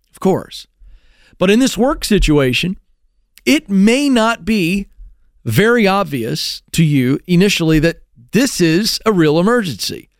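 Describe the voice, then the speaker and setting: A man with a fairly high voice hosts a talk show, animated and chatty, often restarting his sentences and acting out little exclamations. The sound is dry and close, recorded in a studio. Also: no room sound. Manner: animated storyteller with frequent restarts and acted exclamations. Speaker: radio show host.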